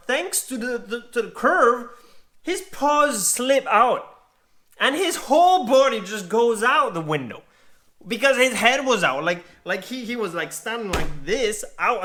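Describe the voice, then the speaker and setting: A man from Grenada telling a funny real-life story in a casual, animated way, swearing and laughing as he goes. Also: very high voice. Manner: animated, swears freely, laughs along, acts out voices. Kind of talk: casual anecdote told to camera.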